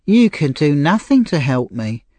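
A man's voice: big pitch swings, mellow, dry recording. Frightened young woman, voiced by a male narrator. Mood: earnest sad. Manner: high, slow and pleading. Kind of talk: audiobook character reading.

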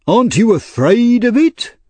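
A man voicing a pompous, self-important middle-aged workhouse official who speaks slowly, for a storybook reading. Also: extremely high pitch, big pitch swings, a little mellow, no echo, voice pushed up, exaggerated voice. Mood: stern.

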